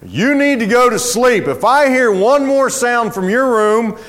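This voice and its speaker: A man's voice: very high voice, lively intonation, measured pace, a bit bright, pitched above the performer's own voice, full character voice. A man voicing a tired father who sternly orders his son to go to sleep. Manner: stern, exasperated.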